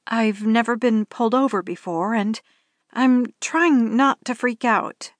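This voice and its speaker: A woman's voice: fairly high pitch, unhurried, no room sound, natural voice. A woman voicing a nervous young female driver who stammers and rambles apologetically.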